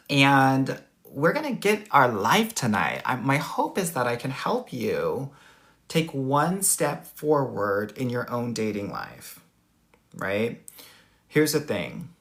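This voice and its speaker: Male dating coach, middle-aged, Valley Girl accent, campy and sassy, unhurried delivery, live-stream chat. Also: on the low side, a bit bright. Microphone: phone or laptop mic, livestream.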